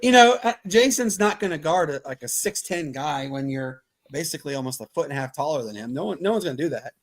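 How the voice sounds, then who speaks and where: A man from Mobile, Alabama with a Southern accent, hosting a casual sports podcast and telling stories in an animated way, laughing often. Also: fairly high pitch. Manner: animated, laughing, quick asides. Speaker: podcast host. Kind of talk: casual chat, storytelling.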